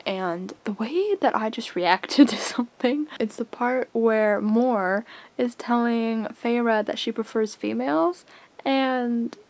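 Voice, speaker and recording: Excitable young woman book vlogger. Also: a little high, slow pace. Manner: excitable, chatty, swears casually. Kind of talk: casual reading vlog. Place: at home, indoors.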